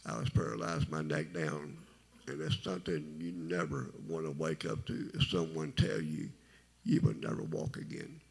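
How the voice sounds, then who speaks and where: A middle-aged man with a very deep, gravelly voice, telling his testimony at a church service in a halting, rambling way. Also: expressive. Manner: rambling, halting, folksy storytelling. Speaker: testimony speaker.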